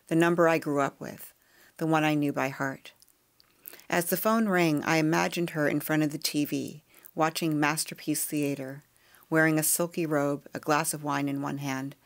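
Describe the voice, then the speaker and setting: A woman podcast host reading a memoir chapter aloud in a quiet, measured, intimate way. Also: sits low, gravelly.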